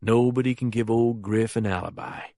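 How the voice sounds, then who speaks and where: A man reading as a menacing younger male crime boss, speaking low and quietly controlled in an audiobook. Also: fairly even intonation, normal speed, dry recording, studio quality, lightly acted. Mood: commanding.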